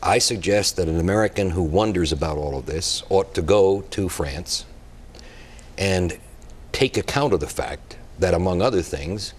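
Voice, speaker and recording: Very deep-voiced, blunt man. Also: expressive, moderate pace, husky. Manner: emphatic, blunt, impassioned. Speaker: guest expert. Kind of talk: TV talk show discussion.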